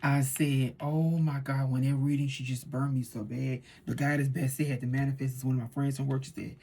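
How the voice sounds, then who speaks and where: A woman talks through a tarot reading in a loose, animated way and circles back to repeat her points. Her voice is breathy and husky, with a dark, relaxed tone. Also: rumbling low, brisk, few pauses. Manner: animated storytelling with repeated phrases. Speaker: tarot reader. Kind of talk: casual tarot reading monologue.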